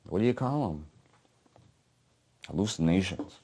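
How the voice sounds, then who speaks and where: A man reads the part of a haunted old war veteran, gruff and working-class. His voice sits somewhat low, and he tells the story bluntly, swearing freely, in an apartment living room. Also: animated, unhurried, warm tone, exaggerated voice. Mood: weary. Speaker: playwright reading his play aloud. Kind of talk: dramatic monologue reading.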